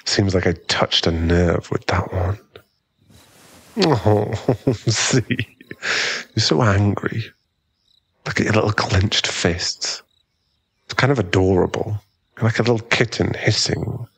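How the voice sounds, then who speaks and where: A man playing a gravelly, smug young bully in whispered role-play. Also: fairly low pitch, slow, pauses often, no room sound, heavily acted. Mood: teasing. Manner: smug, mocking, drawling. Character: cocky teasing male bully, young adult. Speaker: ASMR roleplay performer.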